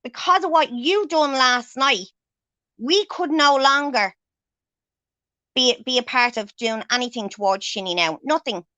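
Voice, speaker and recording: A high-voiced woman tears into someone on her livestream, cursing constantly and hammering her points home. Her voice is bright and sharp. The sound is close and dry, with no room around it. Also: lively intonation, unhurried, dry recording. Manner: angry, swears heavily, confrontational. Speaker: livestream host. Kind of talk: angry livestream rant.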